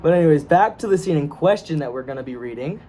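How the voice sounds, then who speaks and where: A young man from the United States chats in a relaxed, joking way, laughing often and stumbling over his own sentences. His voice sits a bit high for a man, and faint room noise sits under it. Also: fast talker. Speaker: co-host of a script reading video. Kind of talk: casual banter.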